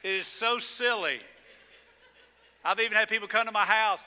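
High, bright preaching man in a reverberant sanctuary. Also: brisk, clean tone. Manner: animated storytelling with sudden loud emphasis. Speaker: pastor. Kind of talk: sermon. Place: church sanctuary. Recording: long reverb in a church sanctuary.

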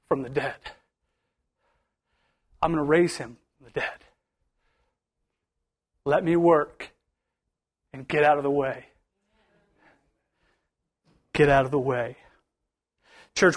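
A male pastor preaching a sermon to his church, building to emphatic bursts with much repetition. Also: fairly high pitch.

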